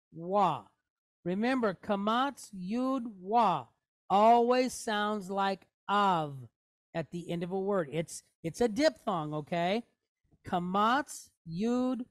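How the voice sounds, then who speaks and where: Woman teaching hebrew reading, slow and patient, keeps asking "okay?", dry close mic. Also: mid-range voice, no room sound. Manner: patient, step-by-step, checking in with "okay? right?". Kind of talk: classroom lesson.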